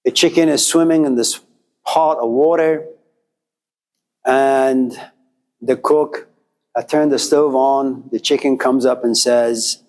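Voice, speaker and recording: A man's voice: mid-range voice, fairly even intonation, unhurried, darkish tone. A male lecturer telling a parable in a conversational philosophy lecture, often saying "you know".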